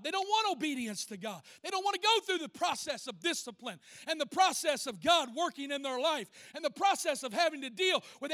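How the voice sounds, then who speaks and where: Preacher man, high bright voice, folksy and animated, keeps asking y'all, dry close sound. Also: dry recording. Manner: folksy, animated storytelling, calls out to the congregation. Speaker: pastor. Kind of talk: sermon.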